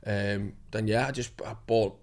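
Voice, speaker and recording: A man's voice: fairly low pitch, steady tone, a little slow. A young man, a guest actor talking casually, rambling, swearing often and laughing as he goes. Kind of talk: casual chat.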